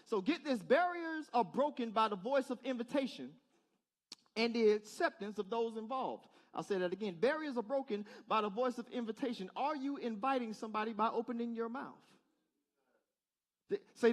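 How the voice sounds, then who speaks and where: At a church service, a male pastor gives a conversational sermon, asking the congregation rhetorical questions in a casual, direct way. His voice is very high-pitched and his pace is brisk.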